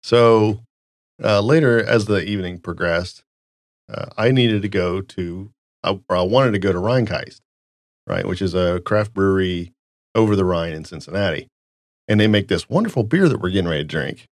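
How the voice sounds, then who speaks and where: A man's voice: low voice, animated, normal speed, dry recording, clean studio sound. A man hosting a casual podcast, telling a rambling story and laughing often. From United States. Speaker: podcast host. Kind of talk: casual chat.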